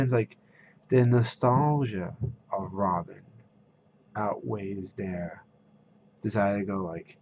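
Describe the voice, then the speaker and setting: Low-voiced man ranting, lo-fi. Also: slow pace, pauses often, a little mellow, slight background noise. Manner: ranting, retells talks with quoted voices. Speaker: vlogger. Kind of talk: casual rant to camera.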